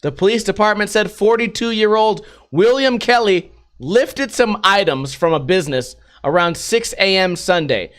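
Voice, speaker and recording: A man's voice: high voice, normal speed. A man hosting a casual podcast, swearing freely and acting out the people in his stories as he reads and riffs on news items. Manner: profane, animated retelling with acted-out quotes. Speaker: podcast host. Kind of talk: casual storytelling and news commentary.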